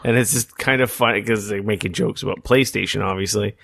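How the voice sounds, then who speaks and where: A man with a fairly low voice chats casually on a podcast, rambling from thought to thought and swearing freely. The sound is close and dry. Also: fairly even intonation, brisk, creaky, fairly bright tone, no echo. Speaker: podcast host. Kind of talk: casual chat.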